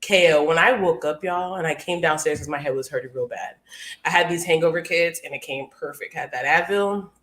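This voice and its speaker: Laughing, animated woman podcast host. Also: low voice, brisk. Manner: animated storytelling, frequent laughter, swearing. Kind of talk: casual chat. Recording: echoey room.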